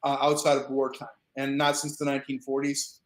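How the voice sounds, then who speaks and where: A man's voice: mid-range voice, monotone, fairly quick, roomy sound, poor audio. A man in a casual chat who presses the others with pointed, probing questions.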